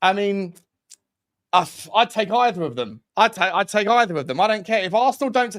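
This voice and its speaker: High-voiced jokey podcast host. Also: male voice, expressive, fairly quick, a bit bright. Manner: rambling, jokey, self-correcting. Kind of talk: casual football chat.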